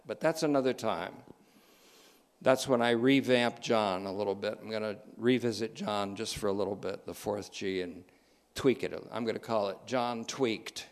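A man preaching a sermon, emphatic and repeating key phrases, slowing down and speeding up as he goes. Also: mid-range voice.

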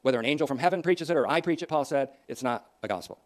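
A man preaching a sermon, swinging from loud emphatic declarations to soft, quiet asides. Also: mid-range voice, racing, hardly any pauses. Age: older.

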